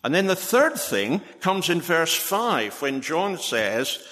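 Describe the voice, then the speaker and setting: A man preaching a sermon, with many "uh" fillers, who rises in pitch and volume when he quotes scripture. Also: sing-song, slow pace, bright, forceful tone. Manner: frequent "uh" fillers. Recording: long hall reverb.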